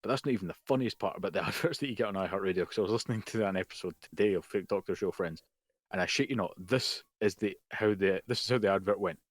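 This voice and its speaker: A man's voice: sits low, slightly rough, no echo. A man co-hosting a casual podcast, rambling through his picks with jokey asides, recorded at home over a voice call. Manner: fast, rambling, puts on mocking voices for jokes. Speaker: podcast co-host. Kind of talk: casual chat. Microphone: home mic over a voice call.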